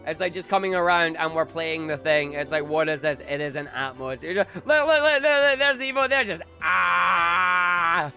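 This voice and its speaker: A young man chatting casually on a live stream, excitable and prone to loud bursts of enthusiasm. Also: a little high, brisk, hardly any pauses, faint music behind.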